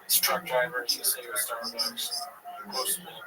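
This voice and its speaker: A man's voice: mid-range voice, moderate pace. A man co-hosting a podcast, telling stories in casual, profane chat. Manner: profane, animated storytelling. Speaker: podcast co-host. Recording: distant mic, loud music behind.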